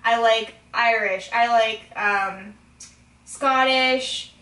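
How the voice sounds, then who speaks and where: A woman's voice: on the high side, drawn-out words, pushed and bright, echoey room, distant mic, low-quality recording. A woman chatting casually in a rambling, giggly way, full of fillers and restarts. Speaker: interviewee. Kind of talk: casual tipsy chat.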